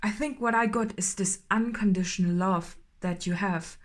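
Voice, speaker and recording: A woman doing an unscripted intuitive tarot reading, halting and filler-heavy, often checking in with "right?" and growing more emphatic as she goes. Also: medium pitch. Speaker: tarot reader.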